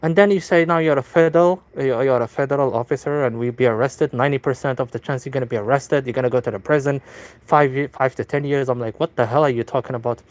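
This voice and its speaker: A man casually telling viewers about a scam call, indignant and animated, with many restarts. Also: medium pitch, quick pace, hardly any pauses, no room sound. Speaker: vlogger.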